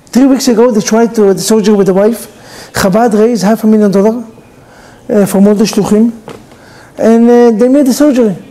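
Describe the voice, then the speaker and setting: A man's voice: extremely high pitch, warm tone, poor audio. A male rabbi giving a sermon in non-native English, animatedly telling a story and acting out its dialogue.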